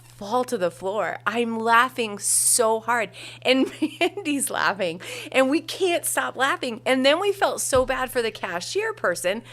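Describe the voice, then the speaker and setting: A woman's voice: on the high side, sing-song, measured pace, a bit bright. A woman about to turn fifty, co-hosting a podcast, telling a story in easy casual chat and laughing readily. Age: 40s. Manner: storytelling, laughs easily, trailing off. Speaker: podcast co-host.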